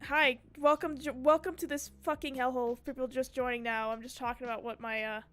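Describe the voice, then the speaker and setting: Chatty high-voiced young woman. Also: brisk. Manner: chatty and animated, swears freely, mimics her cat's screams. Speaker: streamer. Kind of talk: casual storytelling chat.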